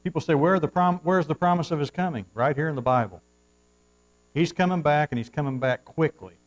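Fervent preacher man, slightly high voice. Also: fairly quick, poor audio. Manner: emphatic preaching that swings from hushed asides to loud, fervent surges; reads scripture aloud in an old-fashioned formal style. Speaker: pastor. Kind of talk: fervent sermon. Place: church, at the pulpit.

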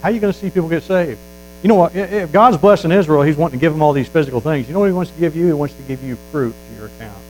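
A man preaching a sermon as a Baptist pastor, folksy and emphatic, building to loud fervor. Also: fairly high pitch, very fast, a little hiss or hum, poor audio.

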